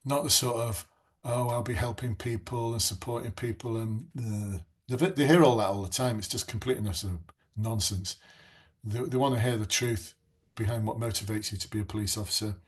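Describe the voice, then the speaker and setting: A man's voice: medium pitch, steady tone, fairly quick, husky. A man, coaching police recruits in a live online class and telling stories earnestly and passionately, with frequent restarts.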